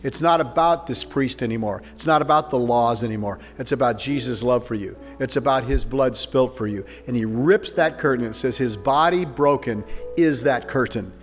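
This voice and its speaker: Man, pastor, communion sermon, storytelling, echoey sanctuary, soft instrumental music behind. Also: medium pitch, normal speed. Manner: conversational, animated storytelling preacher. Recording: reverberant hall with faint music.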